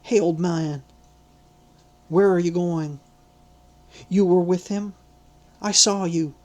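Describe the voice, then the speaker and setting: A man's voice: high-pitched, fairly even intonation, takes it slowly, darkish tone, pitched above the performer's own voice. A man doing an accusing servant girl. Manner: accusing, questioning. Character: suspicious young maidservant, female.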